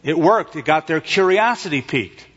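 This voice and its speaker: Preaching from a church sanctuary, this man tells lively stories and acts out the voices of the people he quotes. His voice sits on the high side with a breathy edge at normal speed, captured with reverberant, dull lo-fi audio.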